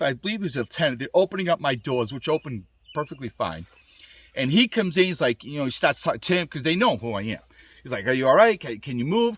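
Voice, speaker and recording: A man casually telling a personal story to camera, animated and rambling, with lots of restarts and fillers. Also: on the high side, no echo. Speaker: gear reviewer telling his accident story. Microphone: small camera mic.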